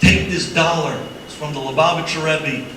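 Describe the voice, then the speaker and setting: A man's voice: on the high side, fairly even intonation, moderate pace, natural voice. A man voicing a kind young rabbi who speaks earnestly, recorded from far off in an echoey hall with background noise. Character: young kind male rabbi, apologetic and warm.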